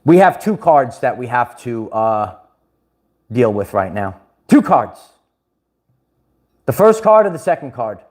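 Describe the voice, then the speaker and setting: A man's voice: mid-range voice, very animated, a little slow, pauses often, a little mellow. A man hosting a casual livestream, rambling, restarting words and laughing often. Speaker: livestream host.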